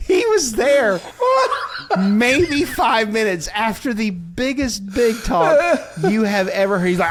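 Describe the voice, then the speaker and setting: A man on a comedy podcast, telling stories with his voice pitched a little high. He jumps in and out of playful impressions and breaks into laughter often. The talk is loose and casual. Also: measured pace, noisy background. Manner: animated storytelling with frequent laughter and acted-out quotes. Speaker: podcast co-host.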